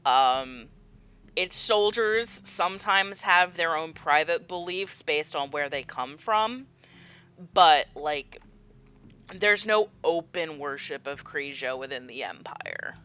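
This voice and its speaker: A woman narrating as game master of a tabletop game, describing scenes slowly with many fillers. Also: low voice, lively intonation, fairly bright tone, smooth, muffled recording.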